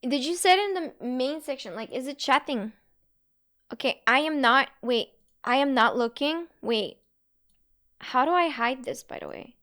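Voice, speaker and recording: A woman's voice: high-pitched, animated, normal speed, a bit bright. A young woman streaming live, chatting casually with her viewers, giggling often and answering chat messages as they come in. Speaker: Twitch streamer.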